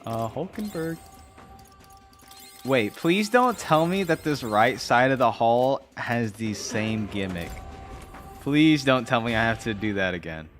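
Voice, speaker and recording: A man's voice: mid-range voice, expressive, a little slow, fairly bright tone, soft background music. Easygoing man narrating his gameplay. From United States. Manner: muses aloud, reads game text and trails off. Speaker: streamer. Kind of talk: casual gameplay commentary.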